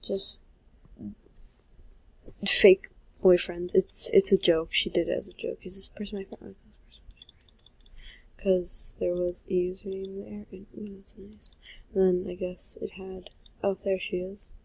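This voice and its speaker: Slow, breathy female gaming vlogger. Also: mid-range voice, flat delivery, darkish tone, no echo, poor audio. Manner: rambling and self-mocking, trailing off; talking while typing and playing. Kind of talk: casual gameplay commentary. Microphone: handheld microphone.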